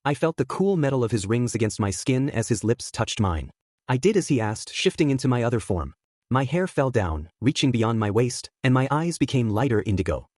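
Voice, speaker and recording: A man's voice: medium pitch, very animated, brisk, darkish tone, dry recording. Man reading a fanfic aloud, dry. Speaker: fanfiction narrator. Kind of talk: first-person story reading.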